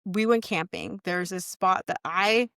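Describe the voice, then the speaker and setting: Gravelly young woman telling a story. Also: mid-range voice, unhurried, fairly bright tone, no room sound, clean studio sound. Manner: candid, heavy swearing, acts out quoted lines. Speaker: podcast guest. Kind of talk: casual storytelling chat.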